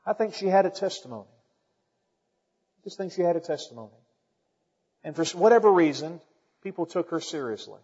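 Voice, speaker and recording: A man preaching as pastor, his voice sitting high and pushing up into emphatic exclamations. The sound is dull and lo-fi, with a long reverb trailing off the church walls. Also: animated, brisk, long pauses, a little mellow, breathy edge. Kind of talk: sermon.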